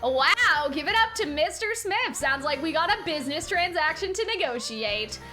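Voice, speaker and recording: Slick young shopkeeper guy, read by a woman, playful, bright voice. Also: high voice, lively intonation, normal speed, soft background music. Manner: slick, playful salesman patter. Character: smooth, scheming young male shopkeeper.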